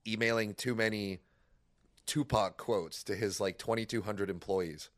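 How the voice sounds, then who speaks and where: A man who is a comedian guest on a podcast, talking in a dry, deadpan way. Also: fairly low pitch, measured pace, dry recording. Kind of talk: casual comedy podcast chat.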